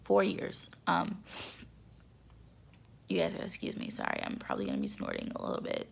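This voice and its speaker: A young woman vlogging in a casual chat to camera, excitable and repetitive, with a stuffy nose. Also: fairly low pitch, brisk, creaky, husky. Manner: chatty, excitable, repeats words for emphasis.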